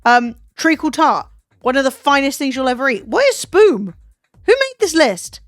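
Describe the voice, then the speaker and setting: A woman's voice: high voice, moderate pace, no room sound, studio quality. Swearing, jokey English woman streamer. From England. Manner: swears freely, animated and jokey. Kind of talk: casual chat.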